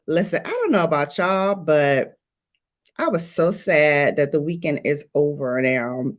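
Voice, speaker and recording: A woman's voice: sits low, lively intonation, a little slow. A woman hosting a beauty livestream, chatting playfully and greeting viewers by name. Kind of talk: casual livestream chat.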